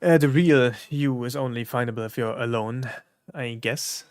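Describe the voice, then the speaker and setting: A man streaming, reacting to songs in casual, reflective talk with many pauses and fillers. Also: medium pitch, dry recording, clean studio sound. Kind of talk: casual live-stream commentary.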